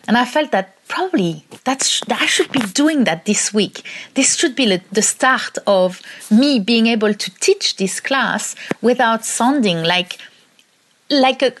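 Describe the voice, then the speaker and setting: A woman with a French accent, a university lecturer from France, speaking in a hesitant personal testimony full of pauses and ums. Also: medium pitch.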